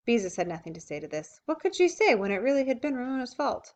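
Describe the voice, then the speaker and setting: A woman reading a children's book aloud, with expressive, lively storytelling. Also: fairly high pitch, quick pace. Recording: dull lo-fi recording.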